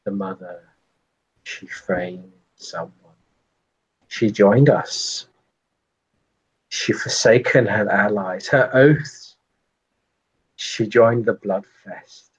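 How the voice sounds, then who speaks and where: A man voicing an ancient, haunted female vampire who speaks in slow, halting phrases. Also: on the low side, husky, voice pushed down, exaggerated voice, low-quality recording.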